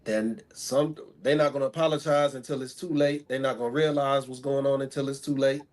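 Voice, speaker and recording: A man's voice: mid-range voice, steady tone, brisk. A man speaking as a talk show guest, stating firm, repetitive opinions about women in casual talk.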